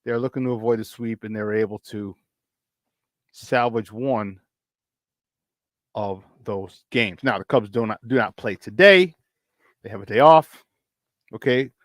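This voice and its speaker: Chatty Chicago sports host. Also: male voice, lowish voice, a little slow, long pauses, no room sound, studio quality. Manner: energetic, chatty, repeats himself for emphasis. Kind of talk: casual sports talk.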